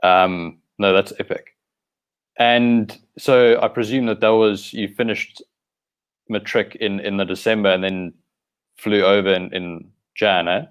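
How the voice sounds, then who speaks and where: Low-voiced podcast host. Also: male voice, steady tone, measured pace, clear, resonant tone. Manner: curious, easygoing questioner. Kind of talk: casual podcast interview.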